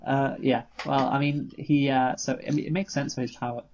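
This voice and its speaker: Male podcast co-host, mid pitch, dry laid-back conversational delivery. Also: level tone, moderate pace, a little mellow, highs cut off. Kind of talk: casual film review chat.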